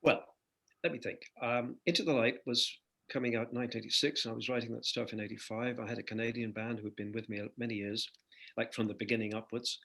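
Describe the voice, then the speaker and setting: A man's voice: medium pitch, fairly even intonation, quick pace, gravelly, a bit bright. An older man from Ireland, a guest musician in an interview, telling stories reflectively with hesitant fillers. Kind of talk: interview chat.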